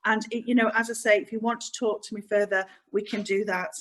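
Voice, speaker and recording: A woman's voice: mid-range voice, flat delivery, a little fast, slight background noise, rough recording. A woman giving a friendly cruise sales presentation over a video call, with many "um" fillers. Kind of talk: virtual event sales presentation.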